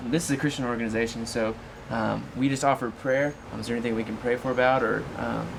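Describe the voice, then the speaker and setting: A man volunteering at a charity speaks in a friendly, hesitant way with a gravelly edge. Clear background noise runs under him. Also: mid-range voice, fairly even intonation, quick pace. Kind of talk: casual chat.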